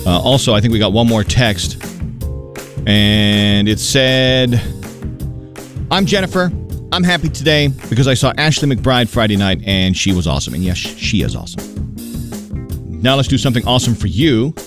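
A man hosting a radio morning show, chatty and animated, running call-ins and promos. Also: mid-range voice, moderate pace, long pauses, music in the background. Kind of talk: upbeat radio banter and promos.

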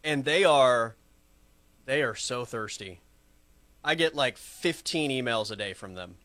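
A man co-hosting a sports talk show, casual and wry, with quick short reactions. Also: mid-range voice, lively intonation, pushed and bright, dry recording.

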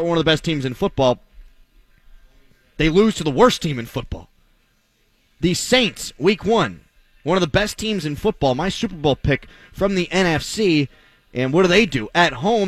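Blunt, lively male sports radio host. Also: fairly high pitch, moderate pace, no echo. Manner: blunt, sarcastic, argumentative. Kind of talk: opinionated sports talk radio monologue.

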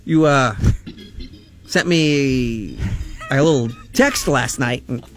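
A man co-hosting a radio show, chiming in with quick reactions and teasing asides. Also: medium pitch, faint music behind. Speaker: radio co-host. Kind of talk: morning radio banter.

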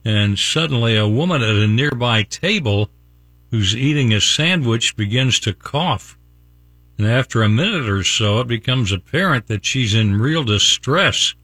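Man, radio morning show host, jokey wordplay, slow unhurried talk, dry close studio mic. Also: medium pitch, expressive, sharp tone, dry recording. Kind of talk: casual on-air banter and joke reading.

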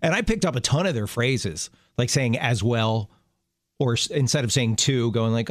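A middle-aged man co-hosting a talk show, chatting casually and telling stories with quick laughs. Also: medium pitch, no room sound, clean studio sound. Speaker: radio show co-host. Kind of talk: casual chat.

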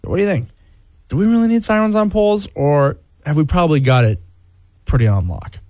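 A male radio show host in casual chat, animated and fond of rhetorical questions. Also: fairly high pitch, brisk, no echo, clean studio sound.

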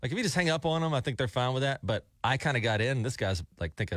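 A man's voice: mid-range voice, quick pace, no room sound, clean studio sound. A man from Alabama hosting a morning radio show, chatty and telling stories. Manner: chatty storyteller, animated. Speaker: radio host.

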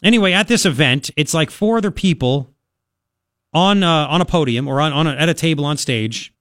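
A man hosting a political talk radio show, rambling and sarcastic in an animated way. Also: fairly high pitch, brisk, dry recording, clean studio sound.

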